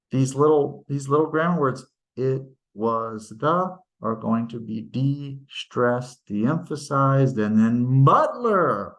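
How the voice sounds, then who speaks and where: Slow-paced male grammar teacher. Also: on the high side. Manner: slow, deliberate, explains with spoken examples. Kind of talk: grammar lecture.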